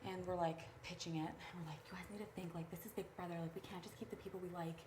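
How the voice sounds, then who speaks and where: Hushed woman talking game strategy quietly. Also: lowish voice, fairly even intonation, very fast, background noise. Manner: quiet, hushed scheming with many fillers. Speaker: reality show houseguest.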